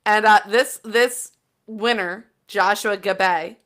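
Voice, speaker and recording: A woman co-hosting a casual podcast, animated and giggly as she reads out a news story. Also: mid-range voice, takes it slowly. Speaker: podcast co-host. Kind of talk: casual chat.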